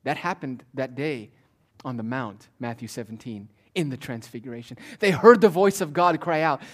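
A pastor preaching a sermon, moving between forceful declarations and quiet, almost whispered asides. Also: male voice, medium pitch, moderate pace. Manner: swings from loud declaring to hushed near-whispers.

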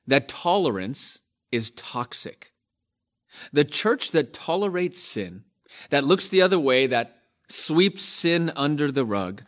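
A male pastor preaching a sermon, slow and emphatic, repeating key phrases for stress. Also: mid-range voice, a bit bright.

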